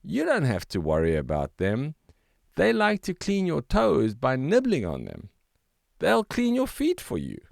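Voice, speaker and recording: A man's voice: on the high side, wildly swooping pitch, measured pace, gravelly, no room sound, clean studio sound, pitched above the performer's own voice, exaggerated voice. A man voicing a laid-back, chatty silver fish in a children's storybook. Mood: reassuring. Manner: breezy and coaxing.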